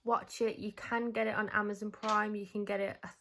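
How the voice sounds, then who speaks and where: A woman's voice: medium pitch, level tone, brisk, fairly bright tone, a little hiss or hum. Bubbly girl in her 20s just chatting to the camera, vlog vibes. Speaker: vlogger. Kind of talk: casual vlog chat.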